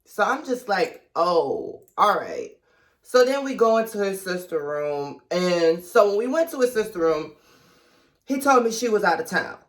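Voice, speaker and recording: A woman's voice: medium pitch, lively intonation, normal speed. A young woman vlogger telling a storytime in a chatty, confiding way, retelling events dramatically and calling her viewers girl and baby. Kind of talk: storytime vlog.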